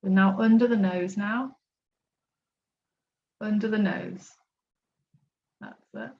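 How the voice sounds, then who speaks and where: A woman coaching a group through tapping points on a video call, gentle and encouraging as she walks through each step. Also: medium pitch, fairly even intonation, takes it slowly, muffled recording. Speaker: self-love coach leading a tapping class.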